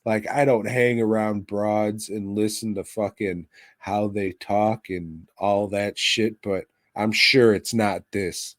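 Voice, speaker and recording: A man's voice: lowish voice, fairly even intonation, slow pace, hardly any pauses, no echo. A man co-hosting a podcast, reviewing a movie in casual chat with crude, sarcastic, swear-heavy remarks. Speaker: podcast co-host. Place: podcast studio.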